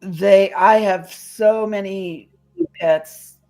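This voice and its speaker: A woman's voice: mid-range voice, drawn-out words, mellow. A woman chatting casually on a streamed show, telling stories with some mild swearing. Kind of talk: casual chat. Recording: faint music behind.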